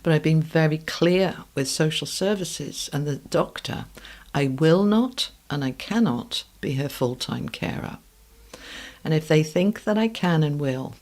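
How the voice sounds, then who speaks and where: A middle-aged British woman hosting a podcast, telling a personal story in a calm, measured way that sometimes drops to a soft hush. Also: deep voice. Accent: British English. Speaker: podcast host.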